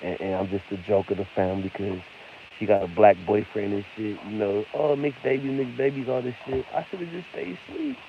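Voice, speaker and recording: A man's voice: fairly low pitch, steady tone, a little fast. A man ranting unscripted to his viewers, profane, rambling and combative. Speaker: vlogger. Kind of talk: unscripted rant to camera. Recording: hissy lo-fi home recording.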